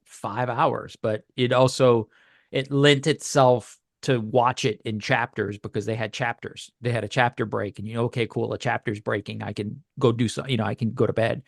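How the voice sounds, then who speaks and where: This man's voice is mid-range and gravelly, captured in a dry, studio-quality recording. Co-hosting a podcast, he chats casually about reviews, hesitant and rambling, with many fillers and restarts.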